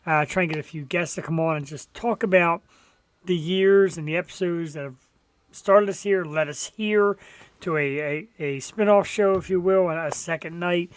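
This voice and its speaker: A woman's voice: lowish voice, moderate pace, no room sound. Host: woman, chatty and giggly, loose crude banter, plugs and thank-yous. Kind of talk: casual live-stream chat.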